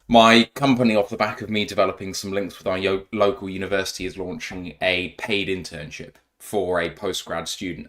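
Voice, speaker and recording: A man's voice: low-pitched, fairly bright tone. Laughing, self-mocking male podcast host. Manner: laughing, self-deprecating banter. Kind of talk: casual live podcast chat.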